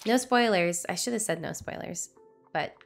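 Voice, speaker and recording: A woman's voice: lowish voice, moderate pace, vocal fry, faint music behind. A young woman streamer reacting playfully while playing a story game, slipping into silly voices. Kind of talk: let's play commentary.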